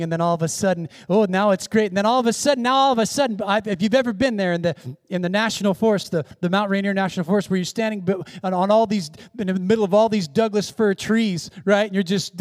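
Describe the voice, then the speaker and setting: A man's voice: sits high, brisk, no echo, clean studio sound. A man preaching a sermon as pastor, in an impassioned, repetitive way.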